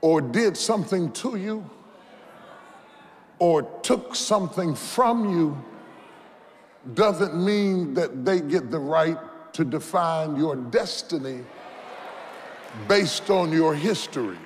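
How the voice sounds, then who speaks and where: High-voiced preacher man, unhurried and impassioned. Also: expressive. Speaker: bishop preaching. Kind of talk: sermon. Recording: reverberant hall with faint background noise.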